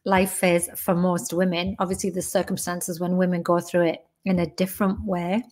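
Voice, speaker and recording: A woman's voice: fairly low pitch, level tone, moderate pace, darkish tone. A woman in her fifties with a Northeast English accent, a guest on a podcast who speaks in a frank, no-nonsense, down-to-earth way. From Northeast England. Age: 50s. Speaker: guest, menopause educator. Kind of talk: casual podcast interview.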